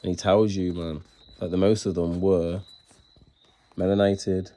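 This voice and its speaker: Deep flat-voiced man preaching to followers. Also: measured pace. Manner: repeats "man" as a tag, restarts and stumbles; preachy, insistent, reads passages aloud from books. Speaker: self-styled religious speaker. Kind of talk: casual monologue to followers.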